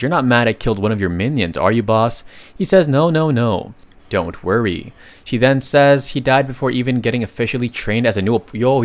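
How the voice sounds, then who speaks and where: Casual chatty male recap narrator. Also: fairly low pitch. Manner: chatty, slangy asides while retelling.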